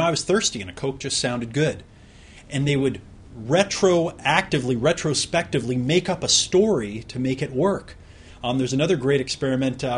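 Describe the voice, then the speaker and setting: A man's voice: mid-range voice, husky. A man teaching a recorded self-help course on productivity, explaining in a conversational way with examples and questions put straight to the listener.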